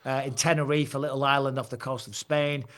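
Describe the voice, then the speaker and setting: A man, a guest on an interview show, telling stories in a lively way and laughing often. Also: medium pitch, brisk. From Britain. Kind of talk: casual interview chat.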